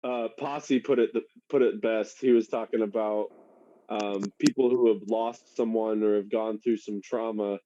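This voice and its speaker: A man's voice: on the low side, fairly even intonation, a little slow, mellow. A man co-hosting a podcast, chatting casually, swearing freely and laughing as he retells stories. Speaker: podcast co-host. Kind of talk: casual chat. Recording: muffled, dry.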